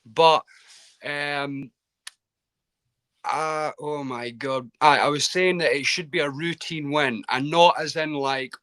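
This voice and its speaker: A man's voice: fairly high pitch, fairly even intonation, slow, a bit bright, clear, resonant tone. A Scottish man calling in to a live football stream, chatty and self-deprecating, stumbling over his words. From Scotland. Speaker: caller. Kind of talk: casual football chat. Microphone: video call.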